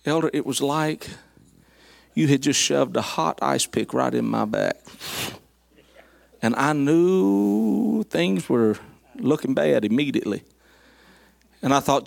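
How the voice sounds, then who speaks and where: A man preaching, a folksy, animated storyteller who speaks to his congregation in southern address. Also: mid-range voice, slow pace, vocal fry, pauses often, dry recording. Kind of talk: storytelling sermon.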